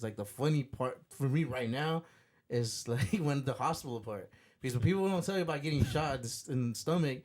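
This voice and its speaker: A man's voice: medium pitch, a little mellow. A man who is a stand-up comedian, talking as a podcast guest in a laid-back, rambling way full of fillers. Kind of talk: casual chat.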